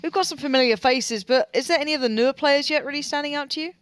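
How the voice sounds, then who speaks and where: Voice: sits high, quick pace, a bit bright, no echo. An esports host welcoming viewers back and bringing in the co-caster, with an upbeat, teasing patter. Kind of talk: esports match hosting.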